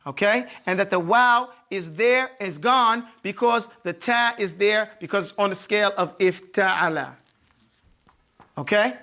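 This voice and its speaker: This male teacher's voice sits high and sounds sharp, and he takes his time. Explaining grammar at a board, he repeats words and checks understanding with "okay?" and "you follow me?"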